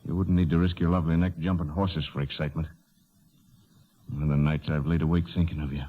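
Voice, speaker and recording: An ardent stable hand speaks earnestly in a very low voice. This is 1930s radio acting. It comes through a dull, muffled old broadcast recording. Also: male voice, level tone, fast. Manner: earnest, forceful. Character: stable hand, rough, ardent young man.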